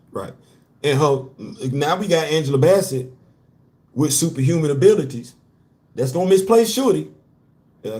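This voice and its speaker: A man's voice: medium pitch, a little mellow. A man hosting a casual comic-book commentary show, talking animatedly in slang, repeating his points and laughing often. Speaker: host.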